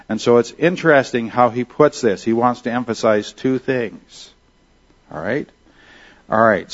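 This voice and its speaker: A man teaching a Bible lesson, walking his class through passages point by point. He keeps pausing to check in with his listeners. His voice sits at an ordinary pitch, and the recording sounds muffled and lo-fi. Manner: explanatory, checks in with "all right?".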